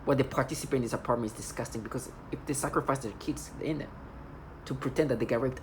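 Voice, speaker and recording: A woman's voice: rumbling low, quick pace, background noise. A woman in an agitated, accusatory monologue, rambling and restarting as she vents to the camera. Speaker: video blogger.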